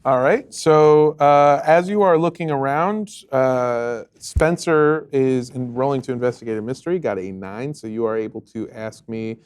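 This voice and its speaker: A man at a middle pitch narrating as game master of a tabletop game. He lays out each scene slowly and in detail, filling the gaps with soft hesitations as he builds the picture. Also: clear, resonant tone. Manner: descriptive, unhurried, many filler pauses.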